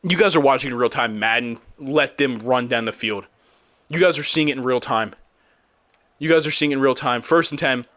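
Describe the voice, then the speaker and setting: A young man commentating his own football video game, frustrated and exasperated, breaking into loud outbursts. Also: fairly high pitch. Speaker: gaming YouTuber. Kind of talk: live gameplay commentary.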